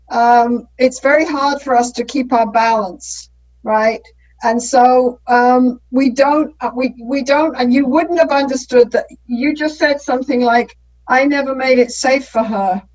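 A woman's voice: high voice, darkish tone, muffled recording. A middle-aged woman who works as a couples therapist, explaining in a conversational way and often checking in with "right?".

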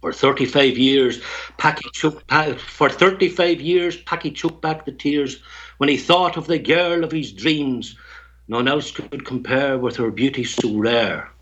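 A man's voice: mid-range voice, a bit bright, slightly rough, dull audio. A man from Tyrone with a Northern Irish accent, a guest poet who tells stories and recites a rhymed poem, chuckling between lines. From Tyrone, Northern Ireland.

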